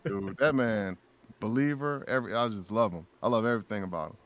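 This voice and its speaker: A man guesting on a casual podcast, telling lively stories and acting out what his friends said. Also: fairly low pitch, fairly quick. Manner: animated storyteller who acts out friends' lines. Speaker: guest voice actor.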